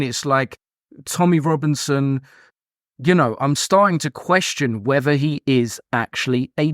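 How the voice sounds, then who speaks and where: A man's voice: a little high, no room sound, studio quality. A man talking casually on a podcast, chatty and full of "like" fillers. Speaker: podcast host. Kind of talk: casual chat.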